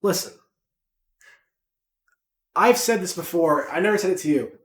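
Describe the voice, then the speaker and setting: Man, casual podcast chat, lively swooping voice, fairly high, profane rambling jokes, echoey room. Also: measured pace. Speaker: podcast co-host.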